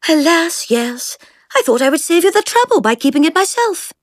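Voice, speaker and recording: A woman's voice: very high voice, sing-song, moderate pace, no room sound, studio quality, voice pushed up. Eccentric monocled schoolgirl, breezy and teasing, lilting delivery, as a woman reads her. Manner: airy, mock-dramatic, drawling. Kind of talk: audiobook reading.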